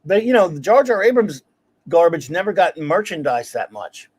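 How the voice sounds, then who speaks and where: A man hosting a casual talk show, telling stories in an animated, ranting way and laughing as he goes. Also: fairly high pitch, moderate pace, breathy edge. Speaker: podcast host. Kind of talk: casual chat.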